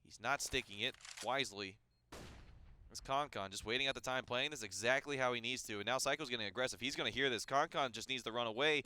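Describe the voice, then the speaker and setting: A man calling live esports play-by-play, excitable and quick, with jokey asides. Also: mid-range voice, a little hiss or hum.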